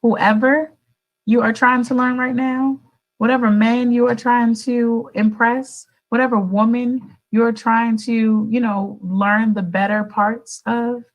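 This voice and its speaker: A woman hosting a radio show, talking in a casual, motivational monologue straight to her listeners. She is animated and chatty, swoops up in pitch for emphasis and calls her audience "baby" and "y'all". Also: a little slow, highs cut off. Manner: addresses listeners directly and affectionately.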